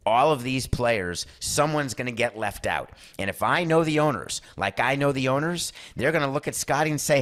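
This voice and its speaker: A man's voice: medium pitch, a little fast, hardly any pauses. A man hosting a sports talk podcast, giving opinionated monologues and acting out quoted voices. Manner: animated, acts out quoted voices. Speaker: podcast host.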